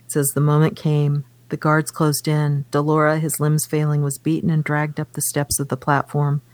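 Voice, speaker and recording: A woman's voice: low-pitched, completely flat delivery, moderate pace, darkish tone, dry recording. A woman co-hosting a casual book discussion, reading passages aloud from the novel between her comments. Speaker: podcast co-host.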